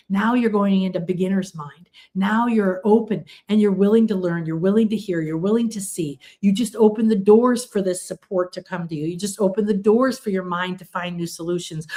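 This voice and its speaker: An earnest middle-aged woman gives a motivational spiritual healing talk at an ordinary pitch. She stacks long, repeating lists and slips into a higher voice to act out the pleas she quotes. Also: brisk, few pauses, dark tone.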